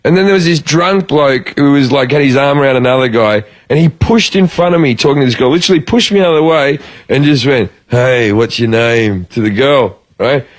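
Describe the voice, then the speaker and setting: A man's voice: on the high side, brisk, hardly any pauses. An Australian man, a comedian, telling a profane story in casual podcast chat and acting out the lines of the people in it. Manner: profane, animated, acts out quoted lines.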